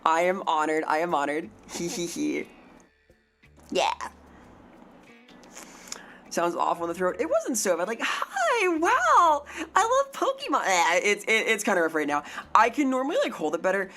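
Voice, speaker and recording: A woman's voice: on the low side, expressive, moderate pace, pauses often, a bit bright, a little hiss or hum. A woman streaming live in a casual, silly way, swearing freely, her throat strained from too little sleep.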